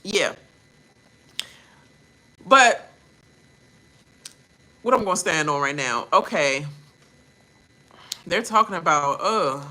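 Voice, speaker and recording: A woman rants casually to her viewers, her bright voice swinging widely in pitch. She laughs often and slips into mocking quoted voices as she talks. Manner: animated, laughing, mimics others in quoted voices. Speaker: reaction channel host. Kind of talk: casual ranting commentary.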